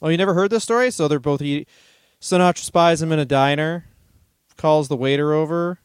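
A man's voice: a little high, a little fast, smooth, no room sound. Dry-voiced man telling comic stories. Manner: storytelling, reads out history passages, laughs often. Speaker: comedian podcast co-host. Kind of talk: casual comedic chat.

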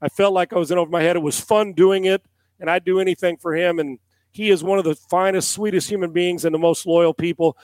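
High-pitched man spinning a yarn. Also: fast talker, no echo. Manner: animated storyteller, acts out quotes, swears casually. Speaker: guest, former NFL quarterback and analyst. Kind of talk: casual storytelling on a podcast.

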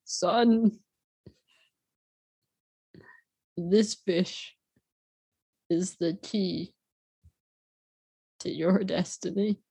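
A woman voicing a mysterious old fisherman who speaks in a hushed, grave tone. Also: fairly low pitch, drawn-out words, vocal fry, slightly rough, dry recording, heavily acted, poor audio. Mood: solemn.

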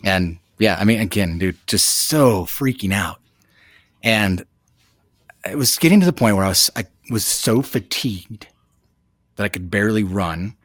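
Man, podcast guest, dramatic storytelling, lowish voice, dry close sound, frequent restarts. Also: measured pace, no room sound. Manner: animated, dramatic retelling with restarts. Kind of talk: storytelling anecdote.

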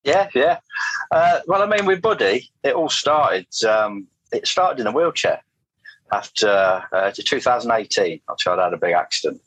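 Interview guest: middle-aged man, bright and forceful tone, anecdotal and rambling, dry sound. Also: medium pitch, big pitch swings, normal speed, slightly rough, no echo, poor audio. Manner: rambling, anecdotal, frequent restarts and fillers. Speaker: guest, motorcycle test rider. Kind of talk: casual storytelling interview.

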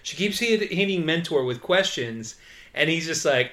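A man co-hosting a podcast, reviewing a film in relaxed chat full of fillers and acted-out quotes. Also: on the high side, moderate pace. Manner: relaxed, uses many fillers, acts out quotes. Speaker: podcast co-host.

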